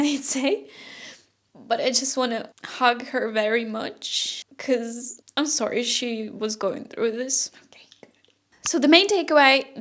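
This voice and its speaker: A young woman speaks openly to camera in a personal vlog. Her voice sits a little high, and she sounds close to tears. Nervous laughter breaks in between her sentences. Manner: candid and emotional, laughing through tears. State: close to crying. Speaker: vlogger.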